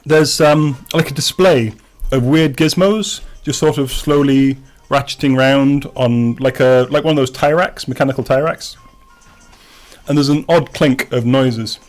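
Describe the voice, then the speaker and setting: A man running a tabletop game as game master narrates at a measured pace in a medium-pitched voice, with soft music underneath. His narration rambles, full of restarts and filler words.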